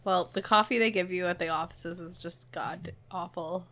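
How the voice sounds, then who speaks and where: A woman's voice: fairly low pitch, steady tone, normal speed, pushed and bright. A woman co-hosting a podcast, chatting casually in a playful, laughing way. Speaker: podcast co-host. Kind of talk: casual chat.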